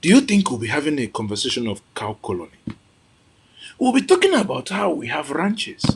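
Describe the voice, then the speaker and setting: A Nigerian man hosts with impassioned commentary, his husky voice swinging widely up and down. He sits a little high for a man and piles up exclamations and repeated phrases. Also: wildly swooping pitch, fairly quick. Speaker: host reacting to an archive clip.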